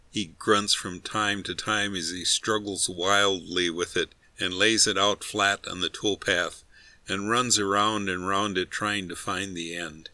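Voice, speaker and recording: A man reads a humorous story aloud with wry, steady delivery. His voice sits somewhat low yet sounds very bright, recorded close and dry with no room sound. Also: a little slow, no room sound. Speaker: narrator. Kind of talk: scripted narration of a humorous story.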